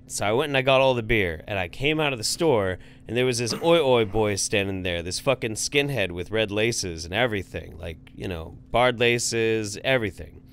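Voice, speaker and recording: A man's voice: on the low side, normal speed, a bit bright, clean tone. A man co-hosting a podcast, chatting casually and swearing freely as he acts out the voices in a story. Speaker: podcast co-host.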